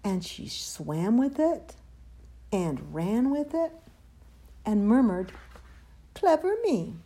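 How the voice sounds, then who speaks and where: A woman's voice: mid-range voice, big pitch swings, slow, dark tone. A woman reading a rhyming children's picture book aloud with a lilting, sing-song rhythm. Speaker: storyteller.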